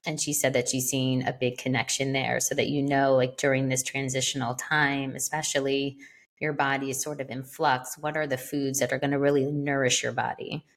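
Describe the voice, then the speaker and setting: A woman's voice: a bass voice, little pitch movement, moderate pace. A woman co-hosting a podcast in casual chat, rambling along with lots of "like" and "you know.". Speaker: podcast co-host.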